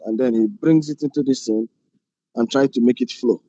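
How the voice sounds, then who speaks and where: A man's voice: medium pitch, moderate pace, creaky, warm tone, dry recording, lo-fi sound. Man lecturing. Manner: repeats phrases, explains with rhetorical questions. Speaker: film directing instructor. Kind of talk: classroom lecture.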